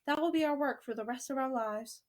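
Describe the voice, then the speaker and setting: A woman voices a spirited old grandmother in a children's story. She speaks briskly and with force, full of bold plans, in a fairly high voice. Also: lightly acted. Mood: determined.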